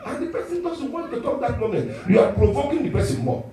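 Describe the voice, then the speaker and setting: A man preaching a sermon as pastor, animated and often chuckling as he talks. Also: very high voice, fast talker, hardly any pauses. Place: church hall. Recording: echoey church hall, mic at a distance.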